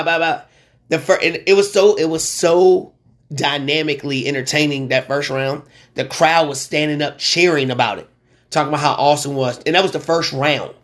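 Excitable slangy sports-talk guy. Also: a little high. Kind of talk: casual sports commentary.

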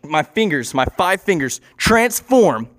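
A man improvising an absurd story in a rambling, excitable way, swearing and acting out the scenes. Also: sits high, a little slow, dry recording, studio quality.

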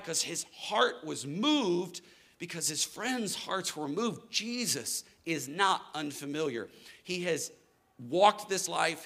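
A man's voice: high voice, bright, forceful tone. A man in his thirties preaching a sermon in a church hall, earnest and building to emphatic declarations. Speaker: pastor.

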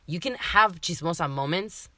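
Woman in her twenties, from Miami, podcast co-host, fast talk with swearing, lowish pitch. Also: sharp tone, no room sound. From Miami, Florida. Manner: fast, swearing, laughing often. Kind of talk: casual chat.

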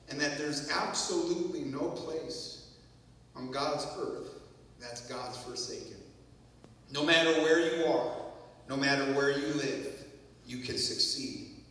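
A man's voice: a little high, a bit bright. A minister reading a story aloud in an earnest, emotional way, then reflecting on his own experience. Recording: echoey hall from far off.

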